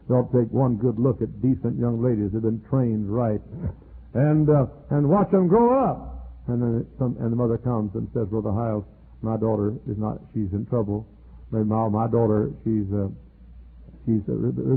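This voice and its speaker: An older man preaching a sermon as pastor, telling folksy stories and jumping high in pitch when he acts out other people's words, on an old archival tape. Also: slightly rough, narrow, tinny audio. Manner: folksy storytelling preacher, acts out quoted voices with sudden high pitch jumps.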